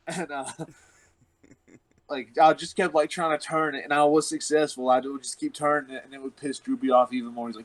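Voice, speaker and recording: A man's voice: medium pitch, steady tone, moderate pace, no echo, rough recording. A man, a wrestler, telling a rambling, profane story in casual chat and laughing often. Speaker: professional wrestler guest.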